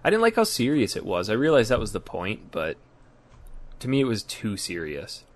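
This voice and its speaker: A man's voice: fairly low pitch, wildly swooping pitch, normal speed. A man co-hosting a gaming podcast in loose, joking casual chat, often trailing off mid-sentence. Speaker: podcast co-host.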